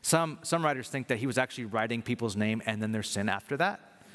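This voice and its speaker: A man's voice: medium pitch, expressive, fast talker, fairly bright tone. A man preaching a sermon in an earnest way, building to emphatic points. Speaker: pastor. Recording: long reverb of a large hall.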